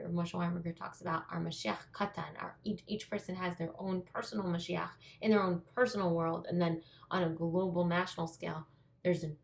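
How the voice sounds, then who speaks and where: A woman's voice: lowish voice, gravelly, low-quality recording. A young woman telling a Torah story in an informal class, conversational, with many asides. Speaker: Torah teacher.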